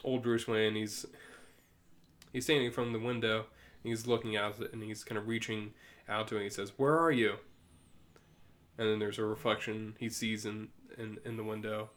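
Low-voiced man reading a comic aloud. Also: completely flat delivery, normal speed, a bit bright. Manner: easygoing, brief agreeing replies.

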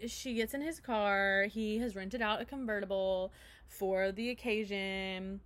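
Young woman, co-host, giggly, rambling storyteller, mid pitch, dry close sound. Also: fairly even intonation, a little slow, no echo. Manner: giggly, rambling, many "so anyways". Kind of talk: improvised comedic storytelling.

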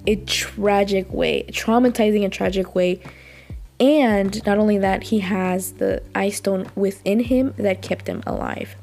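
Woman, casual vlog recap, rambling and chatty, mid-pitched voice, faint music behind. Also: fairly even intonation, measured pace, a little mellow. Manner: rambling, chatty, self-deprecating with laughs. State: under the weather. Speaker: drama reviewer.

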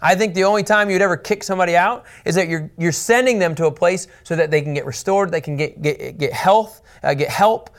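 Male pastor teaching scripture, raspy-edged and a bit high, earnest and pressing his points. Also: a little fast, hardly any pauses. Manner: earnest and emphatic, repeats key points. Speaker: pastor teaching a Bible series. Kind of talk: Bible teaching.

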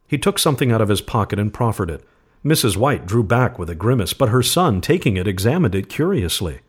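Low-voiced man reading a spooky story. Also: animated, fairly quick, breathy edge. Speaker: podcast host.

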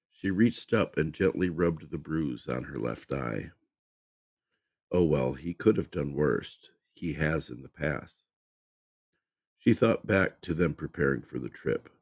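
A man narrating a horror story for a podcast with an expressive reading. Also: extremely low pitch, unhurried.

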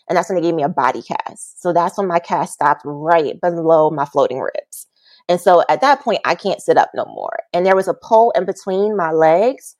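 Casual, animated woman storyteller who plays out the quoted voices, podcast guest. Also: dry recording. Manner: animated, acts out quotes with big pitch jumps and laughs. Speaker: podcast guest, massage therapist.

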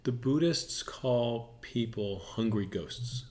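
A man's voice: mid-range voice, expressive, slow pace, darkish tone. A man hosts an interview podcast, speaking in a frank, casual way. He often checks in with his guest as he talks. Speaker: podcast host. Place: dining room.

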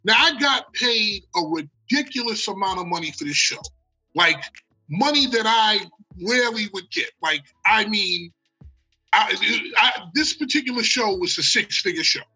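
Animated, profane American man telling a story. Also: high-pitched, normal speed, breathy edge, faint music behind, poor audio. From United States. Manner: animated, profane, acts out quotes. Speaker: guest storyteller. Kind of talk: casual storytelling.

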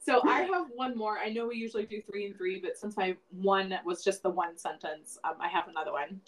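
A woman's voice: mid-range voice, fairly quick, poor audio. A woman co-hosting a casual podcast, talking animatedly, laughing often and swearing. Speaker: podcast co-host.

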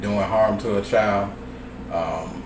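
A man co-hosting a casual podcast, talking bluntly and profanely in drawn-out phrases. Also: on the low side, fairly even intonation. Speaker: podcast co-host. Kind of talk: casual chat. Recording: roomy, distant mic with background noise.

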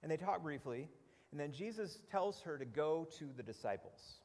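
Animated male preacher in an echoey hall. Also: on the high side, normal speed. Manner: animated storytelling with many repeated words. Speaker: pastor. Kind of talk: sermon.

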